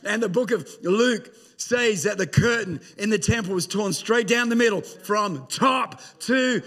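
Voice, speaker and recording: A man preaching a sermon, dropping to hushed tones and rising to shouts. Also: sits high, normal speed. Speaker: pastor.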